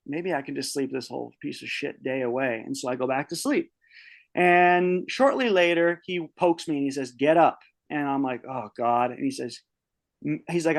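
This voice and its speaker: A young man with a slightly high voice tells a personal story in casual podcast talk. He is profane and animated. When he quotes his own outbursts, he shouts them. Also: dry recording. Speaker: podcast guest.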